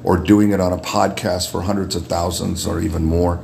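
A man with a deep radio voice, a guest in a casual podcast chat, who often repeats words as he starts a thought. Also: level tone, moderate pace, vocal fry, darkish tone, slight background noise. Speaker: guest, makeup artist.

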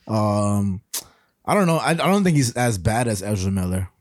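A man's voice: lowish voice, expressive, moderate pace, dry recording, studio quality. A young man co-hosting a podcast, chatting casually in slangy banter and laughing often. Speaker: podcast co-host. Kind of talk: casual chat.

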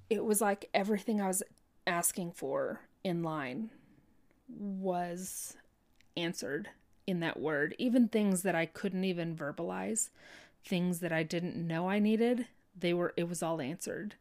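A woman telling a heartfelt personal faith story in an earnest, halting way, full of restarts and fillers like "you know". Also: on the low side, a little mellow.

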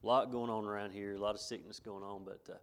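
A man's voice: fairly low pitch, steady tone, fast. A middle-aged pastor, preaching a folksy sermon to his congregation, repeating himself and chuckling between points.

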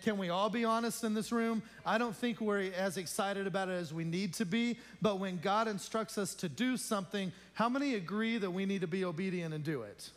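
A male pastor making informal announcements to his congregation in a church, joking and chatty and often asking the room questions. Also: sits high. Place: church sanctuary.

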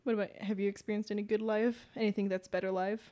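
A woman's voice: medium pitch, flat delivery, fast talker, warm tone. A woman co-hosting a podcast, chatting casually in a bubbly, giggly way with many "like"s. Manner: bubbly, giggly, uses "like" a lot. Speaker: podcast co-host. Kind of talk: casual chat. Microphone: podcast mic indoors.

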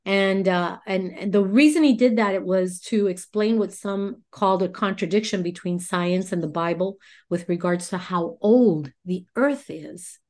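Woman host, casual chat, playful, curious questions, mid-pitched voice. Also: unhurried, a little mellow. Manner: chatty, playful, asks questions.

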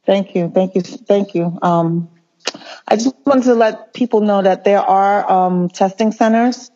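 A male nurse speaking as an interview guest, earnest and impassioned, often halting and restarting mid-sentence. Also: high voice, mellow. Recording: muffled lo-fi audio.

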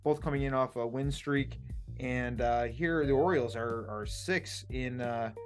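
A man hosting a casual sports betting chat, energetic and excitable, hamming it up, with faint music underneath. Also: mid-range voice, measured pace. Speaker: podcast host.

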